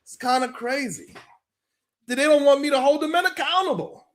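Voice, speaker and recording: A man's voice: very high-pitched, normal speed, a bit bright. A man hosting a live stream, chatting casually, laughing often and greeting viewers by name as he talks.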